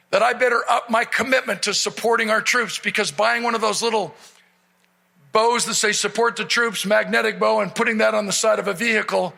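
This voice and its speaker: High, gravelly male keynote storyteller. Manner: animated, acts out quoted voices. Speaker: motivational speaker. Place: event stage before a live audience.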